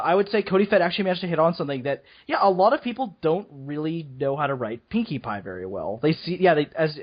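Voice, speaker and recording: A man hosting a casual podcast chat, rambling through his points and laughing often. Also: medium pitch. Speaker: podcast host. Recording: dull lo-fi audio.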